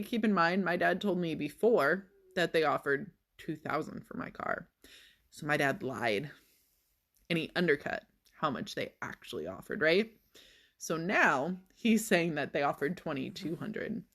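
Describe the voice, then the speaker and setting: A woman talks straight to her viewers in a loose, unscripted vlog. Her voice is gravelly with a lot of fry. She tells the story with a sarcastic, exasperated edge. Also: low-pitched, lively intonation, unhurried, fairly bright tone. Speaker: vlogger. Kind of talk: casual vlog monologue.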